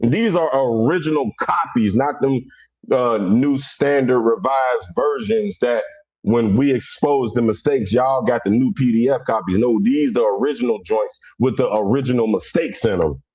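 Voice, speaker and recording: A middle-aged man from Cincinnati, hosting a casual livestream. His talk is blunt, animated and rough around the edges. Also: mid-range voice, normal speed, no echo. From Cincinnati, USA. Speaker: livestream host.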